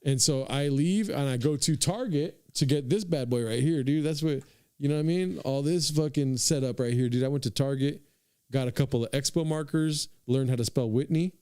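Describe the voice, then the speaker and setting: A man's voice: mid-range voice, fairly quick, a little mellow, clean tone, dry recording, clean studio sound. A young man hosting a podcast, telling a comic story in a rambling, profane way, full of "dude" and asides to his listeners. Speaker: podcast host. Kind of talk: casual comedic storytelling.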